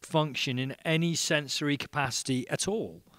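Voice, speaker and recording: A man's voice: on the high side, normal speed, a bit bright, dry recording, voice pushed up, natural voice. A male comedian playing a polite, literal-minded barman who asks raised, emphatic questions. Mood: incredulous.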